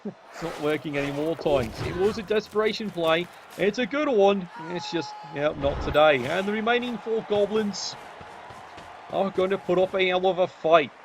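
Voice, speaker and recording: A man's voice: high-pitched, moderate pace, a little hiss or hum. A man giving wry, sarcastic play-by-play commentary on a video game match.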